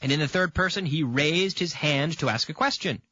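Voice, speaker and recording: A man's voice: a little high, normal speed, sharp tone, dry recording, dull audio. A man from Canada teaching an English grammar lesson on video. He repeats example sentences and checks in with the viewer by asking "okay?".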